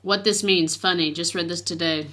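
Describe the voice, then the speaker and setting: A woman tells her personal faith story in a casual, earnest way, reading from her journal as she goes. Her voice sits a little low, and her speech is halting, full of restarts and fillers. At moments she drops to a hush. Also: steady tone, a little hiss or hum. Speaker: vlogger sharing her faith testimony.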